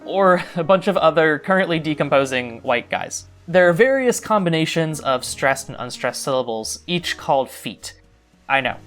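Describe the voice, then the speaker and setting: A man's voice: fairly high pitch, a bit bright. A young man narrating a scripted video essay as a literary critic, with dry, wry asides. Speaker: literary critic, club co-host.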